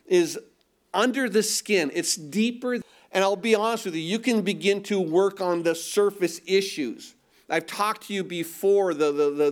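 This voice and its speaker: A middle-aged male pastor preaching a sermon, asking rhetorical questions and repeating words for emphasis. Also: high voice.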